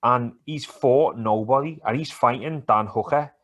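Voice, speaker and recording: A man co-hosting a podcast, chatting in a sweary, animated, teasing way. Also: medium pitch, measured pace. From England. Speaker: podcast co-host. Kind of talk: casual banter about football and MMA.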